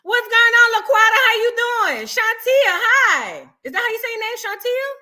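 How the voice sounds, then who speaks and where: New orleans lady hosting a livestream, high bright voice, playful and animated, lots of hey boo. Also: normal speed. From New Orleans, Louisiana. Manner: animated, playful, calls viewers boo and girl. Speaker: livestream host. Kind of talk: casual livestream chat greeting viewers.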